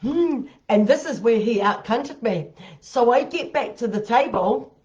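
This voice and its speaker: A woman's voice: fairly high pitch, expressive, a little slow, a little mellow. A woman telling her dating stories in a blunt, heavily profane way, with laughing asides. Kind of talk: casual storytelling monologue. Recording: dull lo-fi audio.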